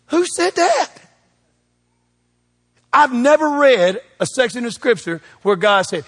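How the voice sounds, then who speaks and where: Pastor, man, lively joking preacher who quizzes the crowd, higher-pitched voice, long hall echo. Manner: preachy and joking, quick shifts in loudness, call-and-response questions. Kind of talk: sermon.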